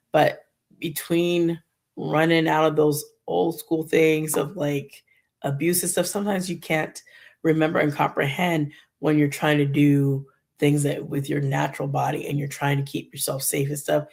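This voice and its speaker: A woman's voice: deep voice, level tone, moderate pace, vocal fry, a little mellow. A middle-aged woman talking in a rambling, conversational way as she shares a candid personal faith testimony on her channel. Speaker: Christian vlogger.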